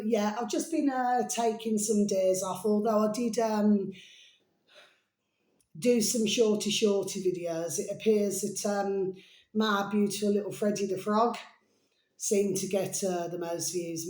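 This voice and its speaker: A woman talks to camera in a rambling, casual way and keeps calling her viewers sweet pet names. Her throat sounds a little hoarse. The room around her has a noticeable echo. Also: mid-range voice, darkish tone. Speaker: video blogger. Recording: roomy echo.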